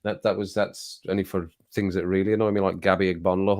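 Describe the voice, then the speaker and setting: A man's voice: fairly low pitch, flat delivery, fairly quick, darkish tone. A man hosting a casual livestream, reading out viewer comments in a rambling, jokey way and getting worked up now and then. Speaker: livestream host.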